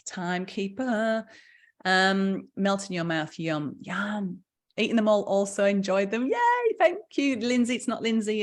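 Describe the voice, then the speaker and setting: A middle-aged woman, chatting enthusiastically through a live session as its founder and health coach. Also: mid-range voice. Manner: chatty, enthusiastic, with fillers and frequent laughs. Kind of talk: casual live presentation.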